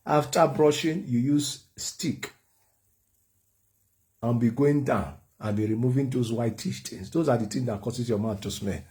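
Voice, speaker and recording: A man's voice: medium pitch, a little slow, darkish tone. A Nigerian man preaching a humorous sermon, joking and laughing often. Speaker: prophet and preacher.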